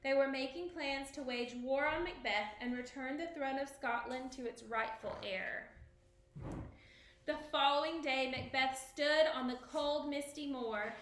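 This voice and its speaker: A woman teacher reading a story aloud to a class, expressive, stopping to ask questions. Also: high-pitched, measured pace, echoey room, a little hiss or hum.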